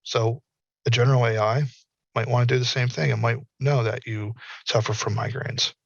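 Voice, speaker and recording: Gravelly earnest Southern-raised man. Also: mid-range voice, steady tone, moderate pace, no echo, dull audio. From American South. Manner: earnest, folksy, quotes imagined dialogue. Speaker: guest. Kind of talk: casual panel talk.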